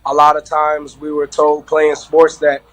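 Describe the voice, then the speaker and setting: A young gym owner from Connecticut answering in a measured, casual way. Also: male voice, a little high, monotone, a bit bright, low-quality recording. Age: young adult.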